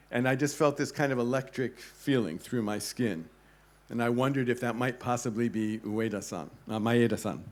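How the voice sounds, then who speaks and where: A man giving a talk to an audience, telling a travel story with lively pacing and acting out the voices of people in it. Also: medium pitch. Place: club event hall.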